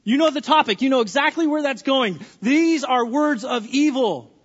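A man in his thirties preaching a sermon in a church, swinging between hushed, earnest lines and loud, playful bursts. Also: very high voice, expressive, moderate pace, breathy edge, dull audio. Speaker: pastor. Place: church sanctuary.

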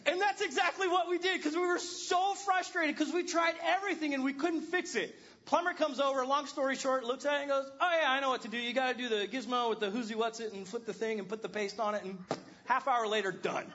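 A man's voice: very high-pitched, a little fast, fairly bright tone, lo-fi sound. A man in his thirties preaching a sermon, telling a funny home-repair story with self-deprecating humor. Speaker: pastor.

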